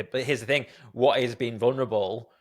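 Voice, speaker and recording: A man's voice: medium pitch, steady tone, normal speed. Hesitant man hosting a podcast. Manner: hesitant, stammers and restarts, self-deprecating. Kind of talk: casual podcast conversation.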